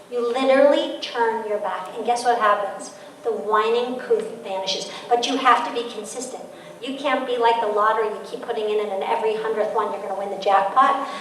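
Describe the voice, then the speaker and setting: A woman author giving a parenting talk to an audience, lively and acting out quoted voices. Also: a little high, slight background noise. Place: school event room with audience. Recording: echoey room, mic from a distance.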